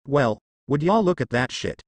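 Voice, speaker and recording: A man voicing a gruff young male monster hunter who talks with a drawl in a fan story reading. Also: medium pitch, very animated, moderate pace, no room sound. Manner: drawling, menacing.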